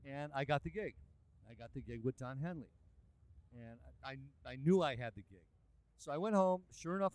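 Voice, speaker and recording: A man, a musician and producer, telling a lively anecdote in a casual interview. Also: on the high side, no echo. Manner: animated, lively anecdotal delivery. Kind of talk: casual storytelling.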